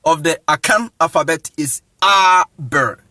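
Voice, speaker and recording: Ghanaian man, deliberate teacher cadence, keeps asking if you follow, chuckles. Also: sits high, lively intonation, pushed and bright, dry recording. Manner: insistent, repeats "you see what I'm saying", chuckles often. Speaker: evangelist teaching. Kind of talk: informal lecture monologue.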